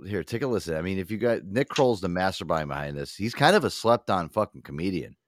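A man's voice: low-pitched, lively intonation, fast, dry recording. A man hosting a podcast in loose, profane, enthusiastic casual chat. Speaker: podcast host.

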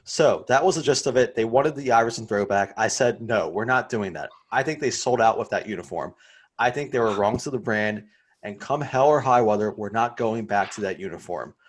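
Husky ranting man. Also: mid-range voice, fairly quick. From Philadelphia. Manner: ranting, profane, worked up. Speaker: podcast host. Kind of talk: casual sports chat.

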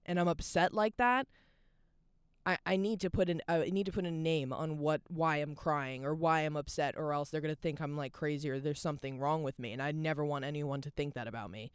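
A woman's voice: low voice, a little fast, clear, resonant tone, no room sound, studio quality. A young adult woman hosting a podcast alone, talking openly and rambling, with "like" in nearly every phrase. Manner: open and confessional. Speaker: podcast host. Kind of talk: candid solo podcast monologue.

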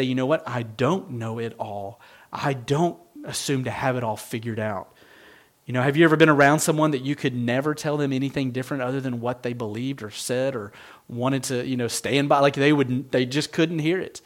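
A middle-aged man, a pastor, giving a sermon in an earnest, reflective, conversational way. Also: mid-range voice.

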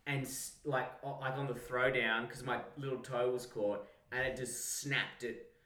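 An Australian man and podcast co-host telling an animated, sweary story in casual chat. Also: medium pitch, moderate pace, recorded from a distance. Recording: roomy sound, mic set back.

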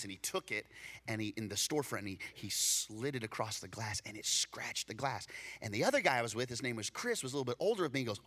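A man preaching a storytelling sermon, animated, acting out dialogue and repeating words when excited. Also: mid-range voice, fairly quick. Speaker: pastor.

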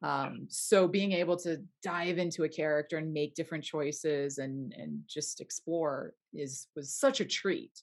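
A woman's voice: sits low, a little slow, few pauses. A young woman actor telling an audition story in a casual interview, laughing often and acting out what people said. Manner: bubbly, laughs often, acts out quotes. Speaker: actor guest.

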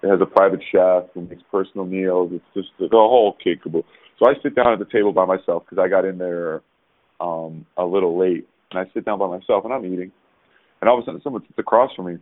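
A man, a former pro basketball player, telling rambling, animated stories as a podcast guest over a call. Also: sits low, fast, no echo. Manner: rambling, animated, with frequent restarts. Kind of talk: casual storytelling. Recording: tinny phone-like dry sound.

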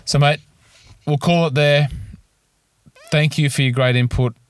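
A man's voice: fairly high pitch, fairly even intonation, unhurried, no echo. Easygoing Australian man, dry close sound. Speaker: podcast co-host. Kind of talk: casual golf podcast chat.

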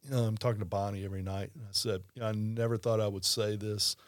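Low-voiced man telling rambling stories. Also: fast talker, dry recording, clean studio sound. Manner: rambling storyteller, lively asides. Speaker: podcast host. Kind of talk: casual chat.

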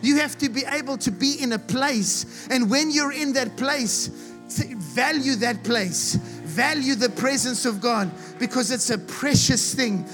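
A man from South Africa preaching a sermon with passion, building to shouts and repeating himself as he retells a story. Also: very high-pitched, a little slow. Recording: music playing behind the voice.

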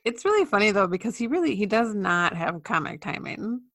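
A woman co-hosting a podcast, casually telling stories and trivia in a relaxed way. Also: mid-range voice, fairly quick, no echo, studio quality. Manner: relaxed storytelling, sharing facts with soft laughs. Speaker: podcast co-host. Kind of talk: casual chat.

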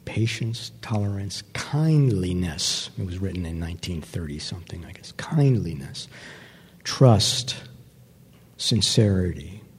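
A man giving a personal recovery testimony to an audience, speaking reflectively and pausing often with fillers. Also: deep voice, a little mellow, slightly rough. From New York. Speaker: speaker sharing his recovery story. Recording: long hall reverb.

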